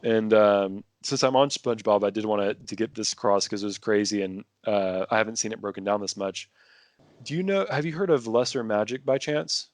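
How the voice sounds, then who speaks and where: Man, lowish voice, dry close sound, casual rambling podcast talk, lots of fillers. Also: a little fast, dry recording. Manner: rambling, many restarts and fillers. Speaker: podcast guest. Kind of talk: casual conversation.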